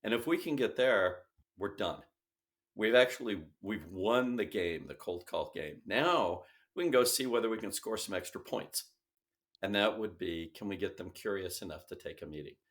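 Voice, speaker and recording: A middle-aged man in a conversational interview, telling stories and acting out quoted dialogue with big jumps in his voice. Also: moderate pace. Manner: animated storyteller, acts out quoted dialogue with big pitch jumps. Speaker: sales company founder, guest.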